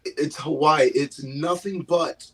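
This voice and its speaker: Man, stand-up comedian, husky voice, a little high, profane storyteller, distant mic. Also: fairly even intonation, slow pace. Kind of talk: casual storytelling chat.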